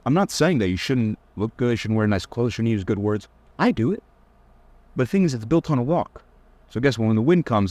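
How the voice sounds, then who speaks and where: Teasing young man with lively delivery. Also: fairly low pitch, no echo. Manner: blunt, teasing, mocks with whiny put-on voices. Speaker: dating advice coach. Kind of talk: casual lecture to camera.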